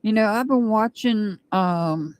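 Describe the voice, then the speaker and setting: A woman hosts a live tarot stream and talks in an unhurried, drawn-out way. She rambles between readings, chats with viewers by name and laughs often. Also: medium pitch, darkish tone. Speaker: tarot reader.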